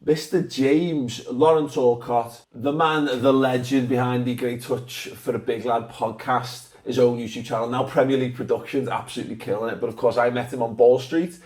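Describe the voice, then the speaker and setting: A man with a Scouse accent answering fan questions in casual, sweary, animated chat. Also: medium pitch, normal speed, few pauses, echoey room, far from the mic. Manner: sweary, animated, laughs a lot.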